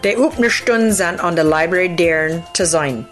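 A library worker reads out a radio announcement in a plain, measured way. Her voice sits a little low, with faint music behind her. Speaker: library staff member.

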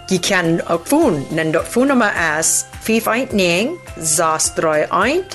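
A woman who works at a library, giving a plain, measured radio announcement. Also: on the low side, sing-song, a bit bright, soft background music. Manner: plain, measured, reads out details. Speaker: library staff member.

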